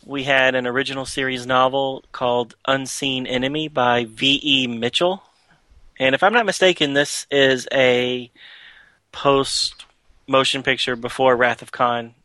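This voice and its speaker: A man with a bright, forceful voice trades wry remarks and keeps the chat rolling. He sounds close and dry, with no reverb. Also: mid-range voice. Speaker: podcast co-host. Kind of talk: casual chat.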